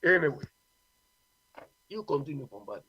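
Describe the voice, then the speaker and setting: A man's voice: fairly high pitch, very animated, moderate pace, breathy edge, dull audio. A man from Ghana with a Ghanaian accent, arguing his views on a radio talk show and often asking "you understand?". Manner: emphatic, repeats "you understand?". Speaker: radio guest.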